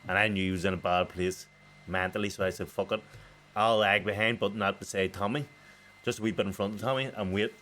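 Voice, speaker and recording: A man's voice: lowish voice, fairly even intonation, brisk, fairly bright tone. A young male boxer co-hosting a podcast, telling a story in casual chat and laughing often.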